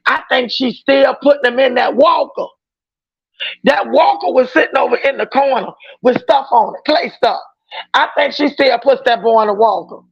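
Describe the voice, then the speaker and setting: Brief: outspoken woman streamer, high gravelly voice, dull lo-fi audio. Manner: emphatic, outspoken, often raising her voice. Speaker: livestream reaction host. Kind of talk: casual livestream commentary.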